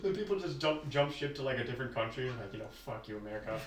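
A man's voice: medium pitch, lively intonation, very fast. A young man co-hosting a casual podcast chat, joking around, laughing often and using slang. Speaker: podcast co-host. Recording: echoey room, far from mic.

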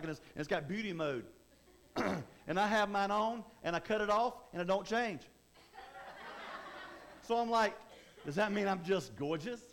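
A man's voice: high-pitched, a bit bright. A man preaching a sermon in a conversational way, often repeating and restarting words. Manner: repetitive, stammering restarts, conversational.

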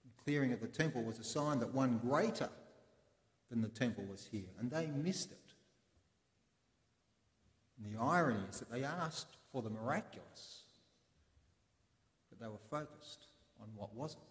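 A man preaching a sermon in a church, explaining in a conversational way with pauses. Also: medium pitch, lively intonation. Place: church in Sydney. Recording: echoey church with long reverb.

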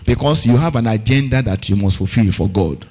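A man's voice: lowish voice, lively intonation, brisk, noisy background. A man preaching a fervent sermon, often asking the congregation if they are following and repeating key words for emphasis. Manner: call-and-response questioning of the congregation.

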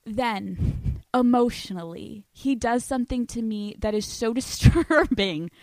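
Brash young female podcaster, profane and giggly, fairly high voice, close and dry on the mic. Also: lively intonation, measured pace, darkish tone, no room sound. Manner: brash, profane, laughs often, puts on voices. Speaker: podcast host. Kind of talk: solo podcast monologue.

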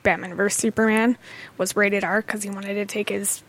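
A woman's voice: medium pitch, flat delivery, moderate pace, fairly bright tone. A woman co-hosting a casual podcast, playful and giggly. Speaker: podcast co-host.

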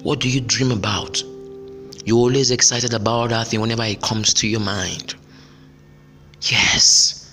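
A man's voice: mid-range voice, steady tone, measured pace, long pauses, sharp tone, long reverb tail, soft background music. A man hosting a solo podcast and giving motivational career advice in an emphatic, repetitive, preacher-like way. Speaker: podcast host.

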